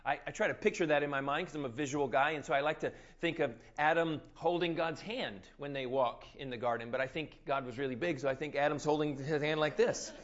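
A man preaching a sermon, retelling scripture as a lively story and acting out the scenes. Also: on the high side, brisk, hardly any pauses, highs cut off. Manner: animated storyteller, acts out scenes.

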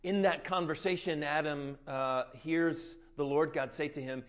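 A man preaching a sermon, retelling scripture as a lively story and acting out the scenes. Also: a little high, unhurried, few pauses, muffled recording. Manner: animated storyteller, acts out scenes.

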